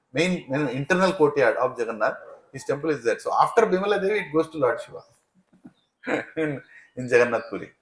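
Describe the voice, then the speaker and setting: A man, a spiritual teacher telling a sermon story in an animated way, often checking in with the audience. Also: fairly high pitch, roomy sound, low-quality recording. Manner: animated, asks the audience "right?". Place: devotional center hall.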